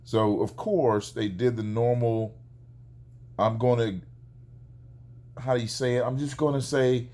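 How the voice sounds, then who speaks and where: Animated man retelling a neighbor dispute. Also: mid-range voice, measured pace, pauses often. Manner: animated, acts out quoted exchanges. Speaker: father telling a neighbor story. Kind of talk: casual vlog storytelling.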